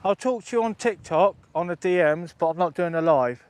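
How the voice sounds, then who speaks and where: Middle-aged outdoorsman, slightly high voice, rambling and sweary, phone mic outdoors. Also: brisk, darkish tone, clean tone. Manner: rambling, chatty, swears freely. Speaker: outdoor vlogger. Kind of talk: casual live-stream chat. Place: outdoors on open moorland by a tent.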